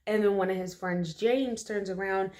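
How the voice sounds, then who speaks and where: A woman tells a personal story in a relaxed, chatty way. Her delivery is emphatic and full of slang, and she often turns to her listeners with quick "okay?" asides. Her voice sits at an ordinary middle pitch for a woman. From Philadelphia, USA. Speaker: storytime vlogger. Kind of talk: casual storytelling to camera.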